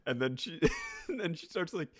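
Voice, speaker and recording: A man's voice: high-pitched, huge pitch swings, moderate pace, a bit bright, breathy edge, no room sound, clean studio sound. Young man laughing through a rambling story. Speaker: podcast co-host. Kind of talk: casual storytelling chat.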